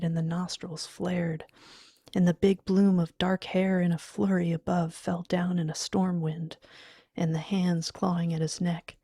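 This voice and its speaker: A woman reading a horror story in a hushed, half-whispered voice. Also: lowish voice, no room sound, clean studio sound. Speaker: audiobook reader. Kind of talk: scripted horror narration.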